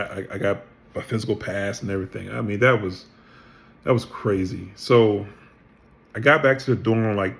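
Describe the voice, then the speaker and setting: Middle-aged male storyteller, low and gravelly, casual and animated, acts out quoted dialogue. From Pennsylvania. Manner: animated storyteller who acts out other people's lines, swears freely. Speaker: vlogger telling his life story.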